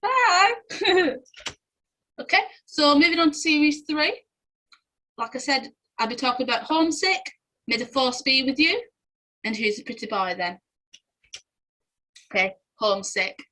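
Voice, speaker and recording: Giggly young Englishwoman, a bit higher voice, quiz host reading answers off casually. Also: moderate pace, pauses often, bright, forceful tone, poor audio. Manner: giggly, chatty, often breaks into laughter.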